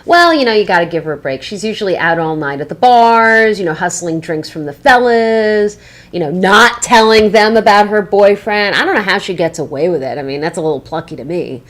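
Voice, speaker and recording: A woman's voice: medium pitch, animated, fairly quick, fairly bright tone, lightly acted. A woman playing a catty, sweetly sarcastic ex-boss. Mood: mock-sweet. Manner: sweetly sarcastic, gushing, backhanded. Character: catty woman sabotaging her ex-employee with fake praise. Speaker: former boss giving a job reference by phone. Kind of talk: scripted comedy monologue.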